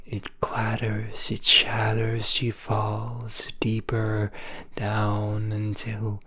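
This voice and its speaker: ASMR storyteller, man, unhurried breathy whisper, flat delivery. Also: fairly low pitch.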